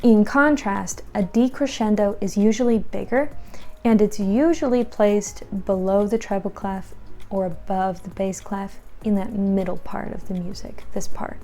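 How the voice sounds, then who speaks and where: A woman teaching piano and explaining patiently in a clear instructional tone. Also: medium pitch, dark tone. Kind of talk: instructional tutorial.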